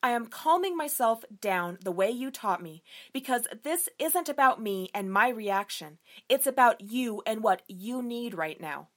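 A tender, self-aware male romance hero speaks earnestly and gently, read aloud by a woman in her own slightly high voice. It comes across as a book quote shared in a casual review. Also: expressive, unhurried.

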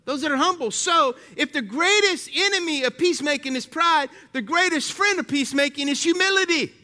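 A very high-pitched man preaches a little fast, giving an animated sermon in his role as pastor. Rhetorical questions fill his delivery, each one tossed out to the people in the pews.

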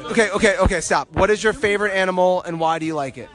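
A man hosting a casual podcast at an outdoor party, playful and excitable. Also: high-pitched, fast talker. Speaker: podcast host. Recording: loud party crowd behind.

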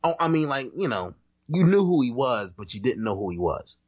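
A man's voice: mid-range voice, sing-song, a little fast, breathy edge, no echo, dull audio. A man co-hosting a podcast in casual chat, talking emphatically and restarting his sentences often. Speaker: podcast co-host.

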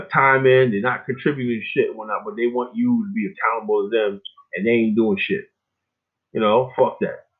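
An older man from Virginia hosting a casual on-air talk show, blunt and profane, rambling with many fillers. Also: medium pitch. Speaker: host. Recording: phone-like narrow band.

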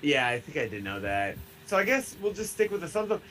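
A man's voice: on the high side, sing-song, a little fast, fairly bright tone, slight background noise, low-quality recording. Rambling Midwestern man podcasting. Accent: Midwestern American. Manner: rambling, laughing, lots of fillers. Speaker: podcast co-host. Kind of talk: casual podcast chat.

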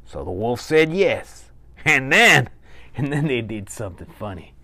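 Gravelly, animated male storyteller. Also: medium pitch, unhurried. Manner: animated, chatty, with asides to listeners. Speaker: children's storyteller and host. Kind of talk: bedtime storytelling.

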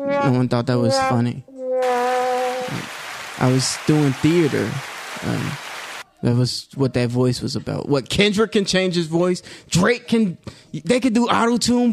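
Laid-back commentary vlogger, slow and gravelly, slangy self-talk over soft background music. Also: medium pitch. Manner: musing, self-encouraging. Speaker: commentary YouTuber. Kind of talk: casual reflective vlog monologue.

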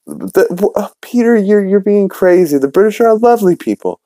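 A man voicing a flustered middle-aged housewife in a high falsetto while recapping a cartoon episode. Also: sing-song, normal speed, warm tone, no room sound, studio quality. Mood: exasperated.

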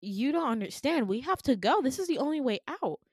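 A woman's voice: high-pitched, big pitch swings, a little fast, darkish tone, husky, no room sound, studio quality, voice pushed up, exaggerated voice. A woman voicing a blunt young woman who urgently and insistently presses her friend to flee.

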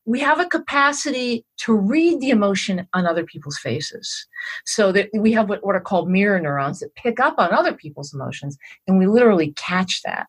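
Lively husky-voiced woman explaining. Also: mid-range voice, brisk. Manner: animated, explains step by step with "all right" check-ins. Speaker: guest expert on emotional intelligence. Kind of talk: explanatory interview talk.

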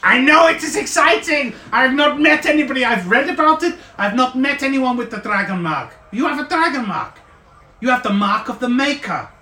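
A man voicing an excitable male artificer in a tabletop game, fussy and eager, in a high, hurried voice. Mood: thrilled. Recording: echoey room, faint background noise.

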